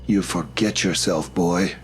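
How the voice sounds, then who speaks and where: A man's voice: low voice, steady tone, a little slow, slight background noise. A man voicing a menacing male demon in a horror story, cold and condescending.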